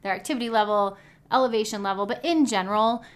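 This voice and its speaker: A woman's voice: a little high, fast talker, clean tone. A woman in her thirties, a dietitian hosting her own podcast, talking in an upbeat, chatty way and laughing easily. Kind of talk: casual podcast monologue.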